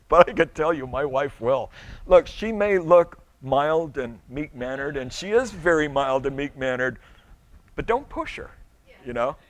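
A man's voice: on the high side, expressive, unhurried. A middle-aged male pastor preaching a sermon in a conversational way, stumbling over restarts and acting out little quotes.

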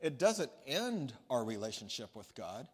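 A man's voice: mid-range voice, big pitch swings, measured pace, husky. A male pastor giving a sermon, telling a story in a conversational way with frequent restarts. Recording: long reverb of a large hall.

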